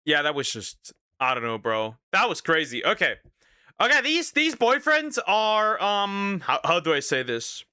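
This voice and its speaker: A man's voice: sits high, huge pitch swings, a little slow, pushed and bright, smooth, no echo. A young man reacting to videos in casual live commentary, laughing often and repeating himself.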